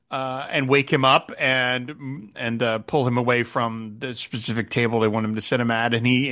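A man's voice: medium pitch, bright, forceful tone. A man co-hosting a podcast, animatedly recapping a TV episode in casual chat and retelling scenes with quoted lines. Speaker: podcast co-host.

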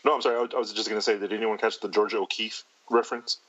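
A man's voice: fairly low pitch, steady tone, very fast, a bit bright. A man joining a podcast panel as a guest, eagerly jumping in with his point. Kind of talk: casual panel chat. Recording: muffled line with clear background noise.

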